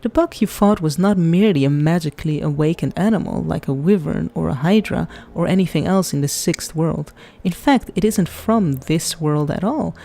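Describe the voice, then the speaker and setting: A woman's voice: low-pitched, normal speed, gravelly, few pauses, dark tone. A woman doing a flamboyant theatrical elf. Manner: theatrical, playful lecturing.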